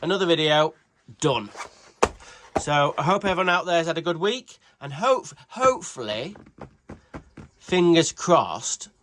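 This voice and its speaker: A man's voice: on the high side, animated, measured pace, pauses often, a bit bright, a little hiss or hum. A British man hosting a casual tool review vlog, chatty and rambling, swearing freely. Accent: British English. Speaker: tool reviewer, channel host.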